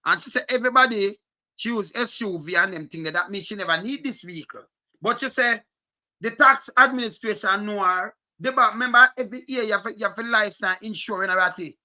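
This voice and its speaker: Bright-voiced Jamaican man, emphatic. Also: sits high. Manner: animated, emphatic, Jamaican patois phrasing. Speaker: commentator reading documents. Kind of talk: casual chat.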